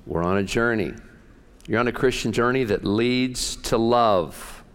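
A man's voice: mid-range voice, unhurried, clear, resonant tone. A male pastor preaching in a folksy, joking, conversational way, telling stories. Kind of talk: sermon.

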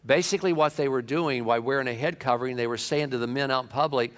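Animated preacher man in echoing hall. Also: medium pitch, fast, few pauses. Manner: animated, acts out comic voices and quotes. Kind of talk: sermon. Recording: long hall reverb.

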